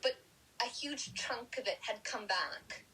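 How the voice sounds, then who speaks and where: A woman guest on a podcast interview, retelling personal experiences in a lively, animated way. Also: fairly high pitch, measured pace, low-quality recording.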